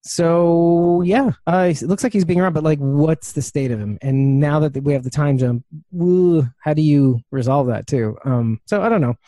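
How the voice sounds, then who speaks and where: A man's voice: fairly high pitch, moderate pace, few pauses, warm tone, dry recording. A man co-hosting a podcast in casual chat, rambling with many fillers and restarts. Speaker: podcast co-host.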